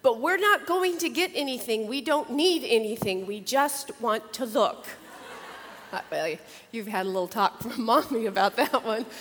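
An older woman with a fairly high voice tells homely stories about her grandchildren, then moves into a Bible lesson. She talks in a chatty, animated way and acts out the children's lines. Her voice carries a long reverb, as in a hall. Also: moderate pace, slight background noise. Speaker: Bible study teacher. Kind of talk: casual storytelling and Bible lesson.

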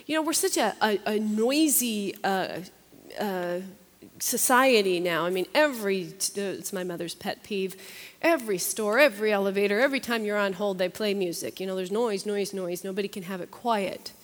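A woman's voice: mid-range voice, moderate pace, in a large hall. A woman teaching a Bible study in a chatty, earnest way, repeating phrases for emphasis. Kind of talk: conversational sermon.

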